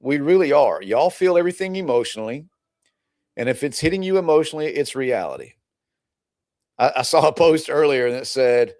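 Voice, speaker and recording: A man's voice: mid-range voice, lively intonation, a little fast, a little mellow, no room sound. Chatty man coaching in a dry, close voice. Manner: rambling, chatty, laughs often. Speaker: relationship coach. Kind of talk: casual livestream talk to viewers.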